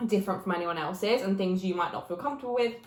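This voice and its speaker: A young woman, a guest talking casually and thinking out loud. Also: medium pitch, fast talker. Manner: chatty, thinks aloud with restarts. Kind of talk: casual chat. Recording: roomy echo.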